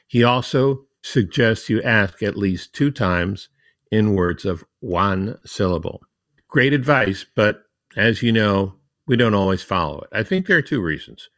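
Man, podcast host, lowish voice, conversational, dry close sound. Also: animated, measured pace, fairly bright tone, dry recording. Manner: explains points in a numbered list, reads quotes aloud. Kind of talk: conversational podcast talk on marketing.

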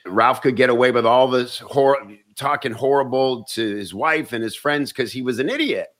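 A comedian and actor telling stories in casual chat, animated and often restarting words. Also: male voice, medium pitch, normal speed.

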